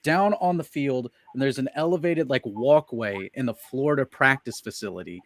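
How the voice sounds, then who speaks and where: A man's voice: mid-range voice, no echo. Rambling man co-hosting, dry sound. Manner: rambling, halting with fillers. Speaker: co-host. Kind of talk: casual sports chat.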